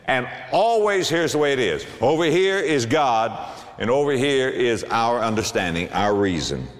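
A man preaching a sermon to a congregation, animated, with big swings and emphatic bursts. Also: mid-range voice, normal speed, big-room sound. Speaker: pastor.

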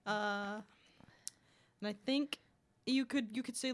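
A woman's voice: on the high side, steady tone, normal speed. A woman in casual chat on a podcast, making playful, bubbly quips.

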